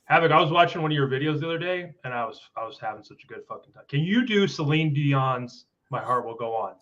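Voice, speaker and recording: A man's voice: fairly high pitch, expressive, fast talker, fairly bright tone, dull audio. A man trading crude, self-mocking jokes in a casual chat as co-host. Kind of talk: casual banter.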